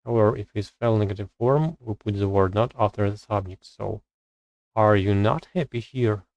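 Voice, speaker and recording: Gravelly low-voiced man studying aloud. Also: moderate pace, darkish tone, no room sound, dull audio. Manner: hesitant, thinking aloud with fillers, searching for words. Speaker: streamer studying English grammar. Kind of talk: live-stream study session, reading grammar rules aloud.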